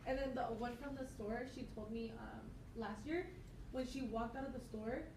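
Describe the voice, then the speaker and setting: A female student telling a personal story to her class, animated and acting out what people said to her. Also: fairly high pitch, normal speed. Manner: animated storyteller, acts out quoted lines. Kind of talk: casual classroom anecdote. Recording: echoey room, far from the mic, noisy.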